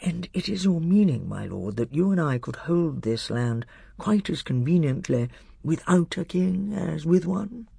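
A man voicing a proud, bitter, scheming lord in an audiobook, haughty and gravelly. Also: a little high, sing-song, a little slow, no room sound, studio quality, voice pushed up, full character voice. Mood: resentful. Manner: haughty, drops to a conspiratorial hush. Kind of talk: audiobook character voice.

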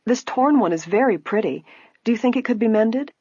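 A woman voicing a calm, kindly young woman sleuth who speaks evenly, in a slightly muffled recording. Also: a little high, fairly quick, breathy edge, dry recording, voice pushed up. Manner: even, kindly.

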